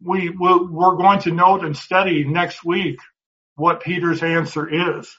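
A man's voice: high voice, little pitch movement, a little slow, bright, forceful tone. A man teaching a Bible class in a conversational way, often restarting words and putting questions to the class. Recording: dull lo-fi recording.

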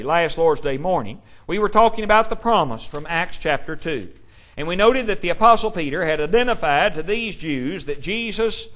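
High-voiced emphatic male preacher. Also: a bit bright. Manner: emphatic, asks rhetorical questions; quotes scripture in old-fashioned wording. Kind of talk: sermon.

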